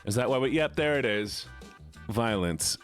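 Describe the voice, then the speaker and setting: A male streamer with a lively, bouncing voice that swoops up and down as he greets his viewers one at a time. His manner is playful and teasing, with drawn-out hellos in a relaxed chat. Soft music plays faintly underneath. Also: medium pitch. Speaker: livestreamer.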